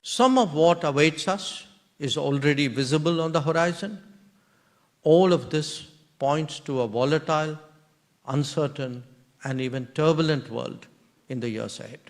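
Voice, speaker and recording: Measured Indian man giving a formal lecture. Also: on the high side. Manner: measured, deliberate delivery in short clauses.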